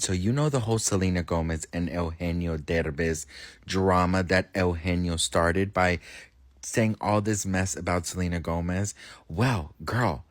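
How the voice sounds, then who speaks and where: A young man from Miami talks celebrity drama with sass, calling his viewers "girl" as he goes. His pitch swings widely, up high and down low, and his delivery is animated and dramatic. It sounds like a casual vlog commentary. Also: brisk, no room sound, clean studio sound. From United States (Miami), Colombian family. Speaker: commentary vlogger.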